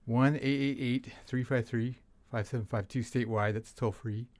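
A man's voice: medium pitch, fairly even intonation, moderate pace, a little mellow, dry recording. Easygoing male public radio host. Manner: easygoing, conversational interviewer. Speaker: radio talk show host. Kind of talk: public radio call-in show. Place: radio studio.

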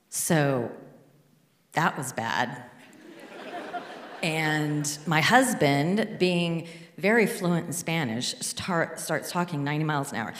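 A woman's voice: animated, slow. A woman from Alaska telling a true story on stage with a handheld mic, dramatically acting out the people in it. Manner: dramatic, quotes husband in a high panicked voice. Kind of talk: live storytelling. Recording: echoey hall.

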